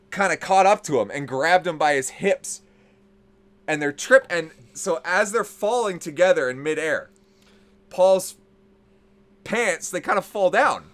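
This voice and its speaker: Animated, profane male storyteller. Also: fairly high pitch. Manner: animated, profane, building to excited outbursts. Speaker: podcast host. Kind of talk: casual storytelling.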